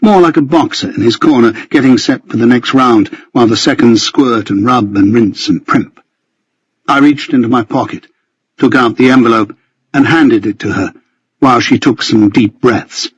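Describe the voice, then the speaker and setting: A man with a husky voice narrating a first-person novel in a measured storytelling manner. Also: mid-range voice, dry recording, highs cut off. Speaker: audiobook narrator.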